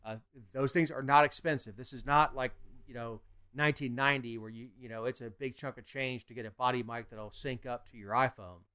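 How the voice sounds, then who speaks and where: A man co-hosts a casual political podcast from Georgia. He is blunt and opinionated. His voice is smooth and clean, pitched in the middle. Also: steady tone, fairly quick, bright, forceful tone. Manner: blunt, opinionated, drops into mocking impressions. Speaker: podcast co-host.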